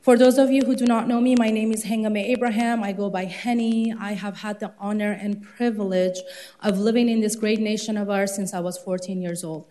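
A woman's voice: mid-range voice, fairly even intonation, fairly quick, dark tone. A slightly breathless woman in her thirties from Iran speaks at a council meeting. Her delivery is earnest and impassioned, with a mid-range voice. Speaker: public commenter. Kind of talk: public comment at a council meeting.

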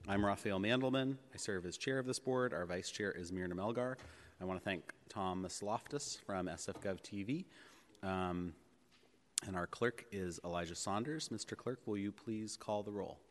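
A man chairing a public board meeting in a legislative chamber, measured and pausing with fillers. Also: on the low side, slight background noise. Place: city hall legislative chamber. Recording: long reverb of a large chamber.

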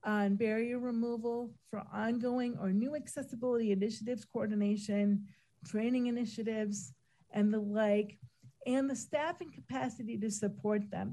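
A woman presents a report to a council in a measured, methodical way, pausing often on ums and uhs. Her voice is gravelly and fraying, as if she is losing it, with a dark, mellow tone. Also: fairly high pitch, rough recording. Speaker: city disability office official presenting a report.

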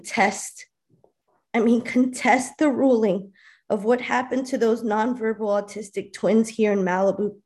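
A woman's voice: high-pitched, darkish tone, rough recording. A woman giving an emotional public comment at a school board meeting, impassioned and pleading, near tears.

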